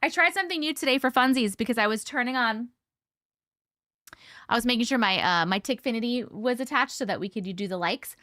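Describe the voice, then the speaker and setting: A bubbly woman with a high, bright voice chats casually with viewers on her live stream. She greets people one after another in a sing-song way and giggles often, and the sound is close and dry. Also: lively intonation, brisk, dry recording. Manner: chatty and giggly.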